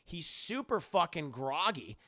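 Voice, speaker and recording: Excitable, profane male streamer. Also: a little high, measured pace. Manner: profane, excitable, laughs often, talks to chat. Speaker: streamer reviewing a film. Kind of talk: casual live-stream film review.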